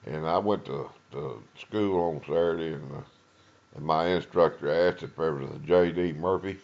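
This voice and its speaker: An older man with an East Texas Southern accent telling an oral-history story, halting with many uhs and acting out what people said. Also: very deep voice, highs cut off. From East Texas, USA. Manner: rambling, halting with many uhs, acts out quoted dialogue. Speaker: retired lawman and Vietnam veteran telling his story.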